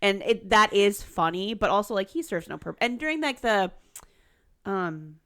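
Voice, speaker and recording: A woman's voice: mid-range voice, animated, fairly bright tone. A young woman co-hosting a chat podcast, chatty and opinionated as she weighs in on reality TV. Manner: chatty, opinionated, quick to laugh along. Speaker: podcast co-host. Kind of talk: casual chat.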